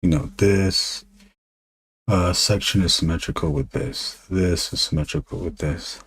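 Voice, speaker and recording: A man streaming live while drawing comics, talking low and half-whispered into a desk microphone, musing with pauses. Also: fairly even intonation, husky.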